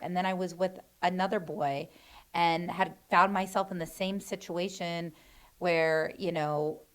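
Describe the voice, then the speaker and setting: A middle-aged woman, a mother and interview guest, speaking in a reflective, earnest way. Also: lowish voice. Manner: reflective, defends her son. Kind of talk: earnest conversation.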